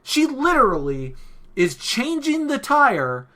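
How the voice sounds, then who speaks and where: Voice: sits high, wildly swooping pitch, slow pace, sharp tone. A podcast co-host chatting casually and enthusiastically, swearing freely while retelling film scenes. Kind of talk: casual chat.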